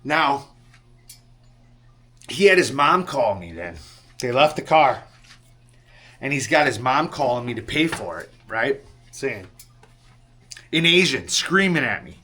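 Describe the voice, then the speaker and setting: A man's voice: mid-range voice, bright, forceful tone. Rambling, sheepish man telling a story. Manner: rambling, swears often, keeps asking "right?"; sheepish and rueful. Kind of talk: casual storytelling to camera.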